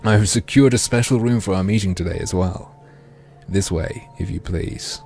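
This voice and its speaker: A man voicing a flamboyant, creepy male pheasant artist, speaking slowly and hushed with theatrical politeness. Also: lowish voice, gravelly, faint music behind. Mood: silky menacing. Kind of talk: game dialogue read-aloud.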